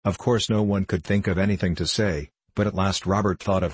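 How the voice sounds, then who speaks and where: A man narrating a children's storybook in a steady, measured way. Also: low voice, husky, no room sound. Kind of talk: audiobook narration.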